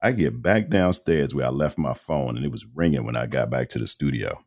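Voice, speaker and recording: A man's voice: extremely low pitch, brisk, darkish tone. A middle-aged man, a voice-over artist, telling a long personal story as a podcast guest in a casual, slangy way and acting out the dialogue.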